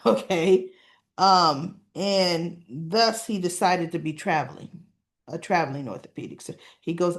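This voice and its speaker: A woman's voice: fairly low pitch, a little slow. A woman talking casually as she recaps a soap opera episode, with frequent asides asking the listener "right?".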